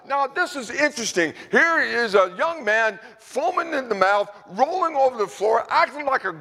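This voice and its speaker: A man preaching a sermon in a church, fervent and rambling, rising into shouted praise. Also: very high-pitched, vocal fry, in a large hall. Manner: rambling with restarts and repeats. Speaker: pastor.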